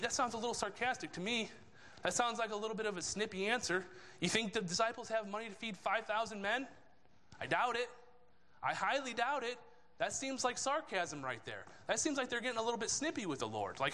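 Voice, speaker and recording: Male lay preacher, conversational sermon, bright tone, echoing church hall. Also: sits high, expressive, brisk. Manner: conversational, asks rhetorical questions. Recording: long reverb of a church hall.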